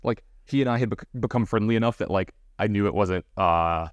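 A man talking fast and loose as he tells a funny story on a podcast. His voice sits a bit low and sounds dry and close to the mic, with plenty of fillers and quick restarts. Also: clear, resonant tone, dry recording. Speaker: podcast co-host. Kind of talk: casual storytelling chat.

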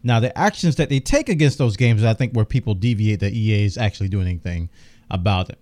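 A man's voice: lowish voice, quick pace, darkish tone. A man hosting a gaming news podcast, chatting casually and enthusiastically while reading out details, his voice a bit worn. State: losing his voice, coughing.

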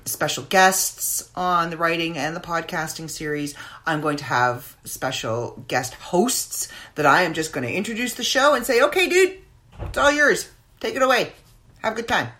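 A woman's voice: lowish voice, pushed and bright. A woman hosting her own podcast in casual, rambling chat, with many fillers. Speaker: podcast host.

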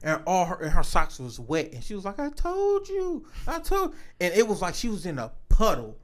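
A man's voice: fairly high pitch, lively intonation, brisk, fairly bright tone. A man co-hosting a crude casual chat, telling boastful stories and laughing often.

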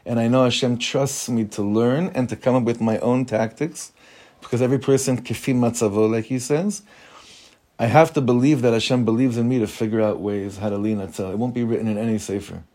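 A man's voice: medium pitch, fairly even intonation, fairly quick, mellow. A man, a rabbi giving an informal Torah class in a conversational way, mixing Hebrew terms into his English and putting questions to the room.

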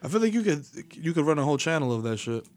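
A man co-hosting a podcast, trading quick back-and-forth banter with agreeing interjections. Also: on the high side, big pitch swings, dry recording. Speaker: podcast co-host. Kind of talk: casual chat.

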